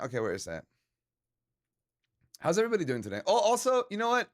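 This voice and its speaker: Tipsy male streamer, high-pitched, goofy and profane, reading chat and greeting viewers. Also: wildly swooping pitch, fast talker, pauses often. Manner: loose, joking, profane, slips into Spanish words. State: a little drunk. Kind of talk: casual drunk stream chat reading chat aloud.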